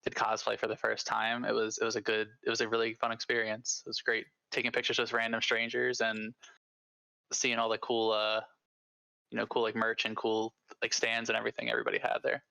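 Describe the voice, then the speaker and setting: A man's voice: on the low side, completely flat delivery, fairly quick, gravelly, sharp tone, no room sound, low-quality recording. A man chatting casually about a recent weekend, laid-back and self-mocking. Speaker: player. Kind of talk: casual chat.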